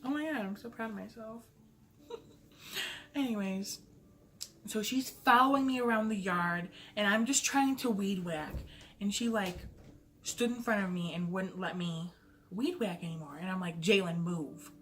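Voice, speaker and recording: A woman's voice: medium pitch, measured pace, long pauses, a bit bright. Chatty young woman telling a storytime. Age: young adult. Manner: chatty, fills talk with "like"; playful and self-mocking. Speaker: vlogger. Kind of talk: casual storytime.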